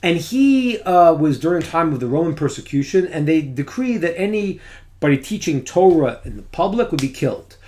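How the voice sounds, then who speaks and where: A man teaching a Torah lesson as an animated storyteller who drops to a hushed near-whisper at dramatic moments. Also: fairly high pitch, normal speed.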